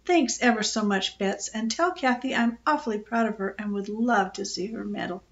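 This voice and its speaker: A woman voicing a kindly mother who is gentle but firm. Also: medium pitch, moderate pace, muffled recording, natural voice. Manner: gentle and encouraging, firm when needed. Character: kindly, patient mother of several children.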